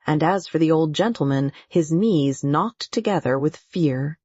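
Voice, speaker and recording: Low, husky woman reading an adventure audiobook. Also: animated, a little slow, mellow, no echo. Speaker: audiobook narrator. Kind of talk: scripted audiobook narration. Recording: dull, muffled audio.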